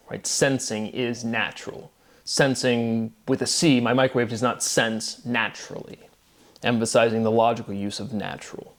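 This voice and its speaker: Man giving a rambling solo lecture. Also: medium pitch. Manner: repetitive, emphatic, circling through definitions; filler-heavy with frequent "right?" and "um". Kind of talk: unscripted solo monologue.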